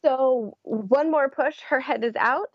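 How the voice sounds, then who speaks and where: A woman's voice: high-pitched, slow pace, slightly rough, no room sound, dull audio. A young adult woman, an interview guest, telling her story in a casual way and laughing often. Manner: laughs often while recounting.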